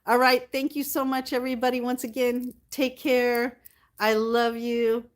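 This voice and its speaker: A woman hosting her livestream, chatting casually with viewers, reading their comments aloud and thanking them warmly. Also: fairly high pitch, flat delivery, unhurried. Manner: affectionate, thanks viewers often. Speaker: livestream host.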